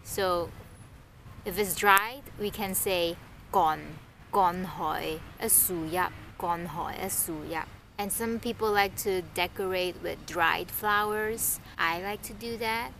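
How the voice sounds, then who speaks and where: A woman giving a casual language lesson, thinking aloud and repeating words slowly, with faint background noise. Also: on the low side, a bit bright. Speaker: language teacher vlogger.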